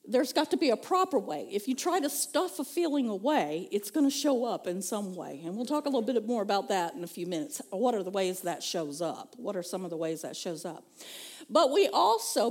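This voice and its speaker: A woman's voice: medium pitch, dark tone. A woman pastor, preaching a conversational sermon, telling stories and laughing often. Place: church.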